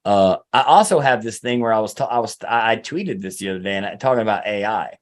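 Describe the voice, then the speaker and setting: A man's voice: fairly low pitch, quick pace. Rambling, profane podcast co-host guy. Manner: rambling, profane, filler-heavy. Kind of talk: casual podcast chat.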